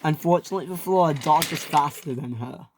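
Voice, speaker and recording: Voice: fairly quick, heavy background noise. A storyteller narrating a toy train story with many restarts and self-corrections. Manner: acts out each character's lines in higher, louder voices.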